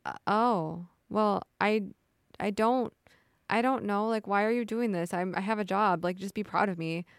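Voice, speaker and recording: A woman's voice: medium pitch, moderate pace, smooth, no room sound, clean studio sound, voice pushed up, close to an everyday voice. A woman mimicking a flustered young woman who stammers while defending her new job. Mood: defensive.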